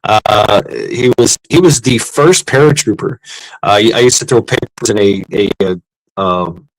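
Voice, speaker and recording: A middle-aged man with a medium-pitched voice chats casually on a rough recording without echo. He tells rambling stories, swearing a lot and restarting his sentences often.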